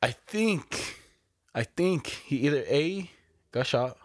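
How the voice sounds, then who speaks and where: Ein junger Mann im lockeren Gespräch, der entspannt Geschichten erzählt, oft flucht und lacht. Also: male voice, fairly high pitch, lively intonation, takes it slowly, no room sound, studio quality. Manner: laid-back storytelling, swears, laughs often. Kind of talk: casual chat.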